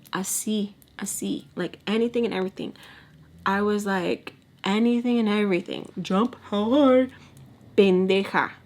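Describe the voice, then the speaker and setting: Candid woman telling a storytime. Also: mid-range voice. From Texas. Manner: candid and animated, mixing in Spanish words and quoted dialogue. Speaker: storytime vlogger. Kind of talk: casual storytime while doing makeup.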